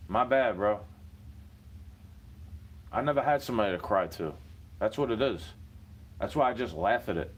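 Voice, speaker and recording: A man's voice: mid-range voice, husky. A man, rambling in a profane casual monologue full of street slang.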